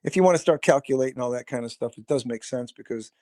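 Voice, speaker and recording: A man's voice: mid-range voice, quick pace, mellow, dry recording, clean studio sound. Rambling, swearing man telling band stories. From Chicago. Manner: rambling, swears freely, acts out quoted voices. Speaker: podcast guest, musician. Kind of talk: casual storytelling interview.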